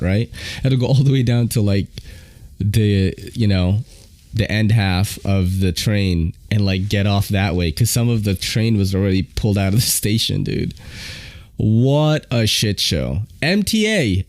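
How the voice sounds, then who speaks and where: A man's voice: on the low side, dry recording. A man hosting a podcast, telling stories in casual, slangy, profane talk. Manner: animated, slangy, profane storyteller. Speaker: podcast host. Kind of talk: casual storytelling.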